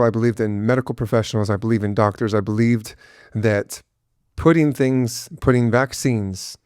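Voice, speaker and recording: A man's voice: mid-range voice, darkish tone, no room sound, studio quality. A middle-aged man, a guest father, talking earnestly and emotionally about his son, with many restarts and fillers. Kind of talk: emotional personal interview.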